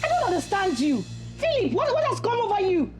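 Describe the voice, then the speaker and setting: Brief: an indignant young wife, very high and lively voice. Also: female voice, a little fast, music in the background, full character voice. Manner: emphatic, indignant, repeats herself. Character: hurt, indignant young wife defending herself. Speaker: partner. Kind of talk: film drama acting.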